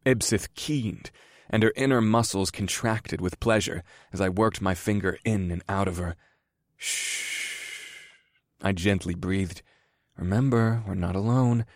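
A man narrating a first-person audiobook in a slow, measured reading. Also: low-pitched, steady tone, dry recording, studio quality.

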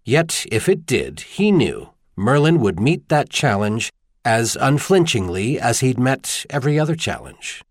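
A man reading an audiobook in scripted narration, measured and expressive. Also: mid-range voice, no room sound, clean studio sound.

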